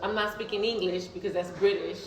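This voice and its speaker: A woman's voice: fairly low pitch, steady tone, fairly quick, recorded from a distance, slight background noise. American woman explaining in a roomy clip. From United States. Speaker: clip creator. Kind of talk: explaining to camera.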